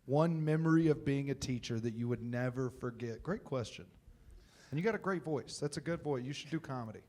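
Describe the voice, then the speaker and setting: Animated comedian telling teaching stories. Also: male voice, mid-range voice, a little fast. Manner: animated, jokey, drops into quiet reflective stretches. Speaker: comedian and former teacher, co-host. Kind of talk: live comedy Q&A storytelling. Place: stage at a live comedy show.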